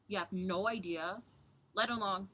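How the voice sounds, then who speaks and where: A young woman from Southern Ontario speaks a little slowly, reviewing a wrestling show in a rambling, profane casual vlog. She keeps quiet to avoid waking others, and the background is noisy.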